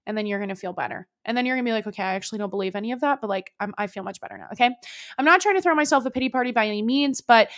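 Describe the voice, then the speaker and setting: A young woman hosts a casual podcast, reading listener stories in a slightly high voice. She breaks off often to react, swearing freely and getting loud and animated before settling back into the reading. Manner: animated, swears freely, laughs and reacts loudly between read passages. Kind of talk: casual storytelling chat.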